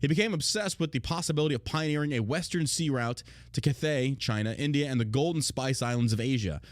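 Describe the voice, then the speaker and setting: This podcast host speaks fast in a mid-range voice, captured in clean studio sound without echo. He reads out history and rants casually, mocking it crudely and swearing often.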